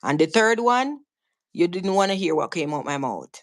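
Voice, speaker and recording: A woman's voice: fairly low pitch, very animated, moderate pace. Jamaican woman telling her story earnestly. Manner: earnest, vivid, frequent restarts and repeats. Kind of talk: casual storytelling on a live stream.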